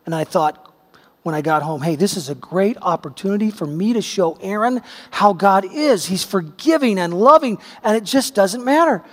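A man's voice: high-pitched, lively intonation, normal speed, a bit bright, big-room sound. A middle-aged man preaching a sermon, telling a personal story in a conversational way that builds to emphatic peaks. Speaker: pastor.

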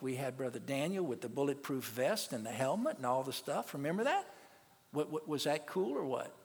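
A pastor preaching a sermon, telling a story and rousing the congregation to repeat after him. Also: male voice, a little high, creaky. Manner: storytelling, building to call-and-response shouts. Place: church sanctuary. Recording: long church reverb.

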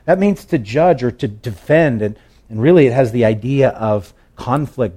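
Male pastor, mid-pitched, preaches like he's telling a story, loose and chatty with restarts. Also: expressive, normal speed, dark tone, husky. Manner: conversational storytelling with fillers and restarts. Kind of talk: sermon.

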